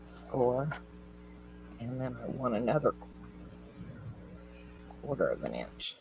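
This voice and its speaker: A woman's voice: rumbling low, sing-song, slow, creaky, darkish tone, slight background noise, poor audio. Chatty woman hosting a craft stream. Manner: chatty, encouraging, talks through each step. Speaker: host. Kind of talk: casual chat during a craft demo.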